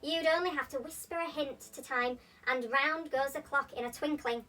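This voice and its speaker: A woman's voice: high-pitched, moderate pace, pushed and bright, far from the mic. A woman voicing a mad, contrary male hatter, huffy and theatrical. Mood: confiding.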